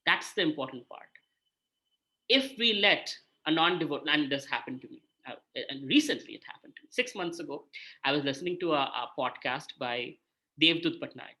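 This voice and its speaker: A man acting as a spiritual mentor gives an informal scripture talk, conversational and often checking in with "right?". His voice is on the high side, expressive and sharp, at a moderate pace.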